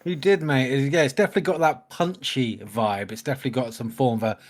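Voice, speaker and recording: A man's voice: mid-range voice, fast. A man, a husband and father, co-hosting a music reaction show in a casual, enthusiastic chat, dropping in "like" and "mate" as he talks. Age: adult, a husband and father. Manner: chatty, enthusiastic, fills speech with "like" and "mate". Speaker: co-host of a music reaction channel.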